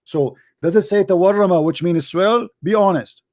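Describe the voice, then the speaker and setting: Hoarse, high-voiced mocking male host. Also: normal speed, a little mellow. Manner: mocking, scolding, repeats himself. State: losing his voice. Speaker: debate show host. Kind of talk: combative call-in debate.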